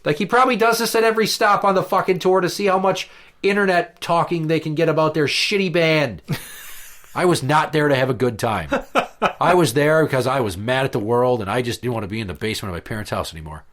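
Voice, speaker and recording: A man's voice: on the high side, fast talker, fairly bright tone. A male podcast host telling crude, sarcastic concert stories in casual banter. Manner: profane, sarcastic storytelling.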